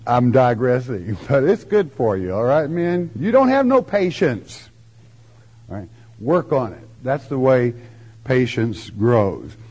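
An older man preaching a folksy verse-by-verse sermon, with homespun turns of phrase and slow, drawn-out emphasis. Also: medium pitch, wildly swooping pitch, darkish tone, slightly rough. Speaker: preacher teaching scripture.

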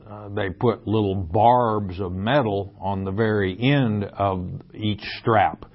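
A man's voice: on the low side, highs cut off. A man teaching the Bible verse by verse, reading scripture aloud and then explaining it in plain talk with fillers.

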